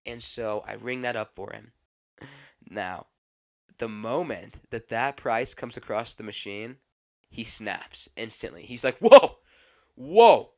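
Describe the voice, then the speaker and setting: A man's voice: on the low side, fairly even intonation, a little slow, creaky, a bit bright. A man hosting a podcast who tells a rambling, chatty story about his job, often checking in with the audience. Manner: rambling, chatty, frequent fillers and "okay?". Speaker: podcast host. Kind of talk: casual storytelling.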